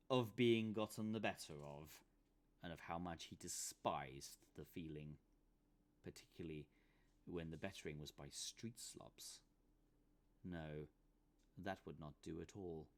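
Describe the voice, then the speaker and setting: A man, the author, reading his comic novel aloud with dramatic, playful storytelling. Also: lowish voice. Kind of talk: expressive book reading.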